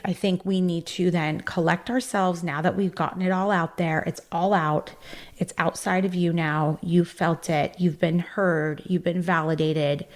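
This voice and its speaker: Earnest woman with a lowish voice. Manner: earnest, encouraging, with frequent fillers. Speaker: podcast host. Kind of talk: self-help podcast talk.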